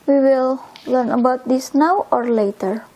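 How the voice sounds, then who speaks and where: A woman with an Indonesian accent teaches in a relaxed video lesson. Her voice sits high and she takes her time, explaining each word patiently. She speaks English as a second language. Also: breathy edge, rough recording. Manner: slow, patient explaining, pointing at body parts.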